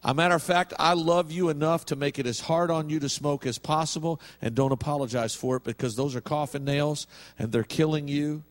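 A man's voice: a little high, fairly even intonation, brisk. A middle-aged male pastor preaching a sermon in a folksy, humorous storytelling way.

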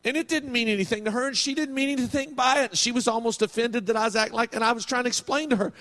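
A man's voice: extremely high pitch, rapid-fire, few pauses, a bit bright. A middle-aged male pastor preaching a sermon in a folksy, humorous storytelling way.

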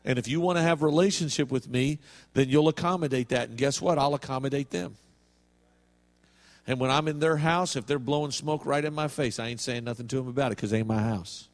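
A man's voice: medium pitch, a little fast. A middle-aged male pastor preaching a sermon in a folksy, humorous storytelling way.

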